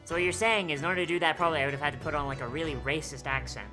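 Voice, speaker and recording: A young woman hosts a game stream, her voice sitting low as she jokes and swears between reading out the characters' lines. She slips into playful voices for the dialogue. Game music plays clearly behind her. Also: racing. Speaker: VTuber streamer.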